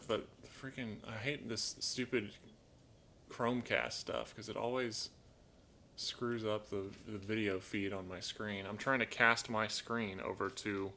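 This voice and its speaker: A man hosting a casual live stream from home, chatting in a rambling way, reading viewer comments aloud and talking softly to his pet bird. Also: on the low side, slight background noise. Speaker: live-stream host and toucan owner. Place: at home indoors.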